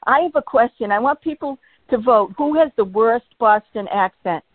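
A woman's voice: a little high, expressive, normal speed, husky, no room sound. Massachusetts lady calling in, hesitant, keeps restarting, dry tinny phone. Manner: hesitant, restarts, laughs easily. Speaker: caller. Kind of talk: phone call-in chat.

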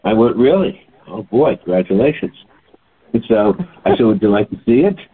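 A man in his late seventies telling a story in a chatty, animated way, as a holistic health practitioner. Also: on the low side, moderate pace, husky. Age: older. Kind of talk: casual monologue. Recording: tinny phone-like sound.

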